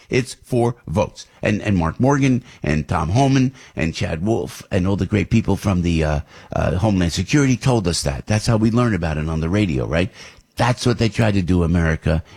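Husky ranting New talk radio man. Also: lowish voice. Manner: ranting, emphatic, rising to shouts. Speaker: radio talk show host. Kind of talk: opinion talk radio monologue.

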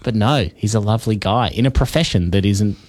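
Australian man, radio host, low voice, jokey, laughs a lot, dry studio. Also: a little fast, a little mellow, dry recording. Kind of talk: casual radio chat.

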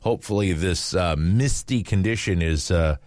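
A man's voice: deep voice, normal speed, a little mellow, dry recording, clean studio sound. A man hosting a casual morning radio show, rambling with fillers and restarts. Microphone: studio microphone.

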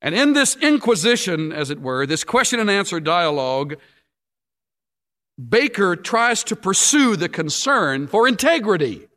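A man preaching a sermon, telling stories with big rising climaxes and sudden hushed drops. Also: sits high, very animated, a little slow. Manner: storytelling with sweeping rises and sudden quiet drops.

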